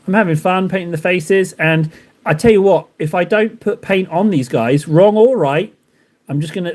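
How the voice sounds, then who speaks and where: A young man rambles to his stream chat while he paints, joking at his own expense. His voice sits a little on the high side, and he talks in loose, looping sentences full of restarts. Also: darkish tone. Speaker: live streamer painting miniatures. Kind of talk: casual live-stream chat.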